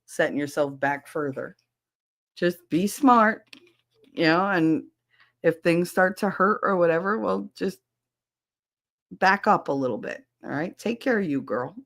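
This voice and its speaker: A middle-aged woman hosting a livestream podcast, chatting casually with viewers and telling animated stories with frequent swearing. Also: low voice, measured pace. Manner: animated storyteller who swears freely.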